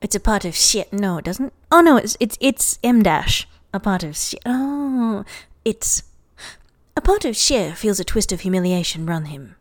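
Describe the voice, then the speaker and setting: A woman's voice: mid-range voice, animated, a little slow. A tipsy woman reading fan fiction aloud, giggling and breaking off into mock-dramatic asides. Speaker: reader.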